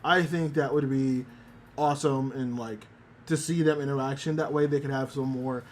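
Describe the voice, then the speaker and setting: A man's voice: mid-range voice, fairly even intonation, moderate pace, a little hiss or hum. A man streaming live, chatting casually with his chat and retelling an anime episode, with many restarts and some swearing. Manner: talks to chat directly.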